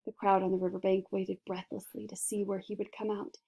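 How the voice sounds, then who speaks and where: A woman reading a children's storybook aloud with expressive, dramatic narration. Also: mid-range voice, a little fast, vocal fry, husky. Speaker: reader.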